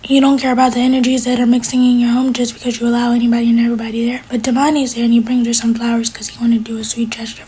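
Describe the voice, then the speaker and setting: Woman, TV recap host. Quick, very breathy delivery; keeps it flat, quotes every character. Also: fairly high pitch, poor audio. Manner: retells scenes by quoting each character with "she's like"; adds blunt personal asides to the characters. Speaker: TV episode reviewer. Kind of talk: casual episode recap.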